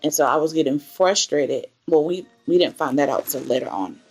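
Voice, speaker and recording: In a candid, emotional faith vlog, a woman in her twenties shares a personal story at a moderate pace. Her voice is low with a gravelly, fry-tinged edge, and soft music plays faintly in the background.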